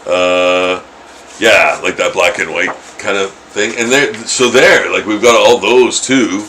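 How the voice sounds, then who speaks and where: A middle-aged man chats to his viewers while he sketches, his voice low-pitched but bright and forceful. He rambles, restarts his sentences and chuckles to himself. A faint hum of room noise sits behind him. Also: slow, poor audio. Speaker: artist streaming his drawing. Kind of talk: casual chat while drawing.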